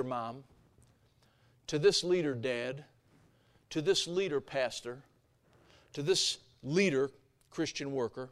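A man preaching a sermon as pastor, telling a story with lively acted-out voices and swinging from quiet to loud. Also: mid-range voice, takes it slowly, pauses often.

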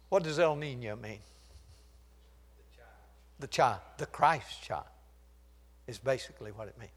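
An older man preaching a sermon, swinging from loud, shouted declarations to hushed storytelling and chuckling at his own jokes. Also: a little high, animated, a little fast.

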